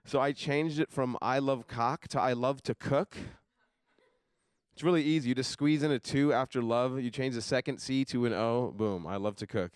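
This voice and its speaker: A young man doing a stand-up comedy set on a live stage, deadpan, dropping his voice low for asides. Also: normal speed, clean tone, no room sound, studio quality.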